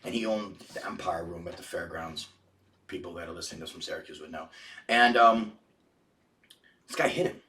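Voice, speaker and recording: A man with a low voice spins a rambling, profane story as a podcast guest, circling back and restarting his sentences. He sits a little back from the mic, and the room around him sounds echoey. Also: brisk, long pauses, sharp tone. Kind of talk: casual storytelling. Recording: roomy, distant mic.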